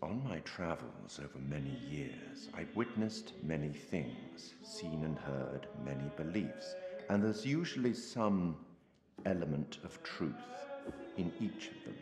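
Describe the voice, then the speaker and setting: An actor playing an enigmatic male curator in a video game, speaking in a measured, musing, theatrical way. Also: extremely low pitch, big pitch swings, exaggerated voice. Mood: brooding. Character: enigmatic older male curator, wry and sinister. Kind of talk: video game character dialogue. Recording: roomy reverb with music.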